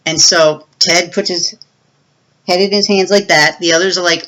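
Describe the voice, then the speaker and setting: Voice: medium pitch, little pitch movement, moderate pace, pushed and bright, low-quality recording. A movie reviewer giving a casual, rambling plot recap with many fillers and restarts.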